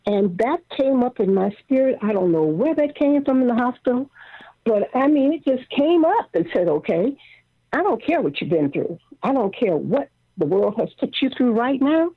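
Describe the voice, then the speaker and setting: Older woman, singer guest, lively storyteller, husky voice, tinny dry phone line. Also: fairly high pitch, moderate pace, dry recording. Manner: animated storyteller, acts out quotes. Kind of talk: casual interview over the phone.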